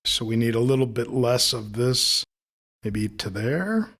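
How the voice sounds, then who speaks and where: A man with a voice of ordinary, mid-range pitch leads a screen-recorded lesson on audio editing. He talks in an easy, explanatory way and thinks aloud as he works through each step on screen. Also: measured pace, husky. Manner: relaxed, explanatory, thinking aloud while demonstrating. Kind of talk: screen-recorded software tutorial.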